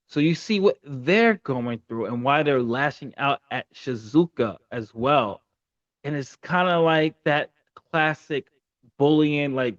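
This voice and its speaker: A man's voice: medium pitch, no room sound. A man hosts his own review in a casual, heartfelt way, often tripping and repeating words. He sounds a little choked up. The recording is dry, close and slightly lo-fi. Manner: earnest, stumbling, repeating words. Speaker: anime reviewer and channel host.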